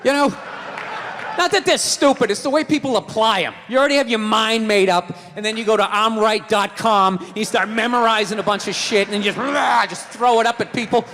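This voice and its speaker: Man, stand-up comedian, high bright voice, ranting, sneering impressions, live club reverb. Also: a little fast. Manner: ranting, mocks know-it-alls in a sneering voice. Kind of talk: stand-up routine.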